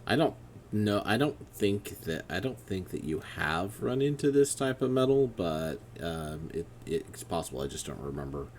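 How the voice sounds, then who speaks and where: A man narrating as game master of a tabletop game, halting and full of fillers as he describes things. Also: low-pitched, big pitch swings. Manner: halting, many fillers and restarts.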